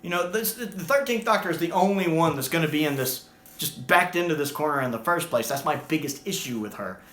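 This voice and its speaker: Exasperated, ranting man with a bright voice. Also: on the high side, fairly quick, echoey room. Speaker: video reviewer. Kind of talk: casual ranting review vlog.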